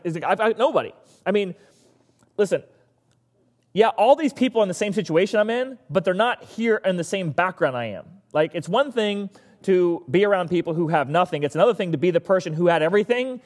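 A man's voice: high voice, lively intonation, a little fast, darkish tone, in a large hall. A male pastor giving a casual, conversational sermon and acting out the voices of the people he talks about.

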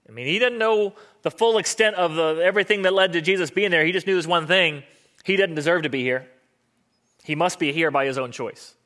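A man's voice: a little high, fairly quick, sharp tone. A man, a pastor, preaching a sermon in an earnest, conversational storytelling manner.

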